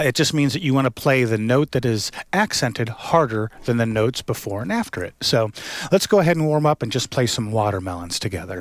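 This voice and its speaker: A middle-aged man giving a casual drum lesson as a facilitator, relaxed and full of fillers, chanting rhythm words as he plays. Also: mid-range voice, dry recording. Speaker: drum circle facilitator and instructor. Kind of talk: casual instructional talk with chanted drum counts. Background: hand drum playing.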